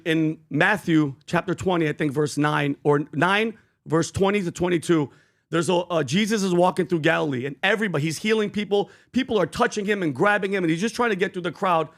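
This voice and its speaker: A man co-hosting a podcast, talking casually and slipping into animated, preachy storytelling. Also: high voice, a little fast. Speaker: podcast co-host.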